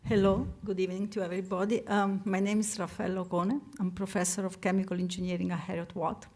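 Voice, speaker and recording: A woman's voice: medium pitch, little pitch movement, fast, darkish tone. An older woman from Italy with an Italian accent, speaking as a professor on a panel, self-deprecating and full of fillers and restarts. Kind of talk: panel talk.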